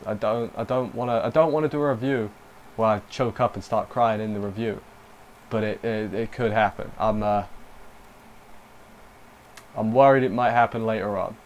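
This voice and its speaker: A man's voice: mid-range voice, a little mellow, a little hiss or hum. A young man giving a casual spoken review of an anime episode, rambling and breaking off mid-sentence with emotional asides.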